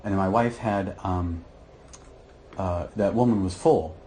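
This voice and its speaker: A middle-aged man, telling his story to a therapist in a rambling, halting way with many restarts. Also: deep voice, dark tone, slight background noise. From Michigan, USA. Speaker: client in therapy session. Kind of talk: candid personal account.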